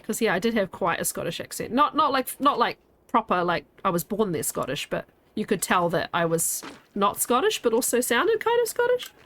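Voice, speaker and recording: A woman's voice: mid-range voice, big pitch swings, moderate pace, a bit bright, slight background noise. A woman, chatting casually while streaming a game and rambling as she answers her chat.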